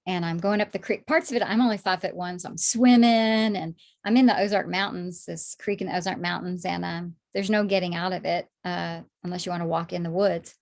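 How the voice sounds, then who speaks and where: A woman sharing her personal faith testimony in conversation, animated when acting out past moments, soft and low when reflecting. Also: fairly quick, gravelly, few pauses. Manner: animated storytelling, acts out her own past words.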